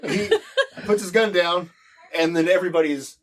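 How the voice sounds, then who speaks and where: A man running a tabletop role-playing game as game master, narrating in a halting, laughing way and briefly acting out side characters. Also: high voice, steady tone. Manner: halting, laughing, acts out soldiers' lines.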